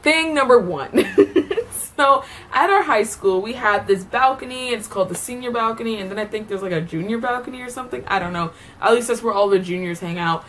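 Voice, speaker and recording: A young woman with a fairly high voice tells school stories in a loose, chatty vlog. She giggles often and fills her talk with "like". A faint noise sits under her voice. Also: brisk, fairly bright tone. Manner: chatty, lots of "like" fillers, giggly. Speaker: vlogger. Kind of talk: casual storytelling vlog.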